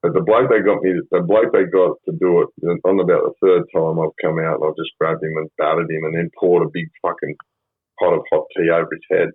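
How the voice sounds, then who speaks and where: A man's voice: low voice, level tone, fairly quick, slightly rough, no echo. An Australian man in his fifties, a podcast guest telling a rambling, profane story in casual conversation, with frequent ums. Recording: phone-like band-limited sound.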